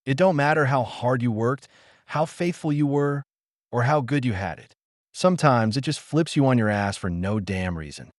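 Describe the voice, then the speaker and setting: A man's voice: medium pitch, lively intonation, normal speed, no room sound, clean studio sound, close to an everyday voice. A man voicing an older man who hands out blunt, plainspoken advice in folksy grammar.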